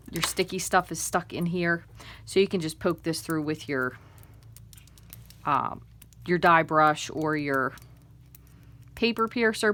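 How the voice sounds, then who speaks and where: Chatty woman demonstrating a craft. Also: lowish voice. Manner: chatty, step-by-step instructions with fillers; murmurs soft asides while working. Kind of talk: hands-on crafting tutorial.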